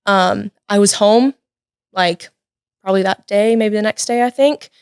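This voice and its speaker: A young woman in her late teens, a podcast guest, telling a personal story in a lively, chatty way with lots of "like" and "um". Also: mid-range voice, unhurried, smooth, no room sound, studio quality. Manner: lively, chatty, many "like" and "um" fillers. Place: podcast studio.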